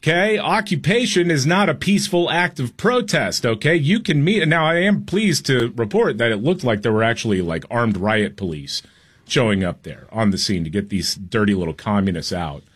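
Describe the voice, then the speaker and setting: A man's voice: medium pitch, animated, normal speed, a bit bright, breathy edge. A man co-hosting a talk radio show, giving combative, sarcastic commentary.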